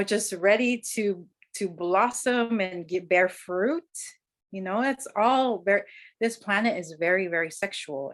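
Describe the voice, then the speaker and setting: A woman guest talking in a casual conversation about nature and cycles, earnest and reflective, often saying "like". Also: mid-range voice. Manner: earnest, reflective, frequent "like" fillers. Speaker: guest, healer and ceremonialist.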